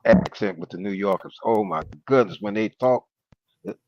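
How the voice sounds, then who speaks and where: A man chatting as a guest on a sports fan live stream, relaxed and hesitant. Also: on the low side, moderate pace, dull audio, slight background noise. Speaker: guest, host's brother.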